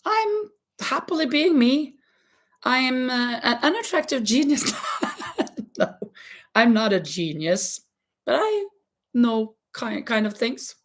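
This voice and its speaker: Chatty Norwegian woman, halting speech. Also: on the high side, big pitch swings. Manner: halting, many restarts and frequent laughter. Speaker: livestream host and schoolteacher. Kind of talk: casual chat while crocheting.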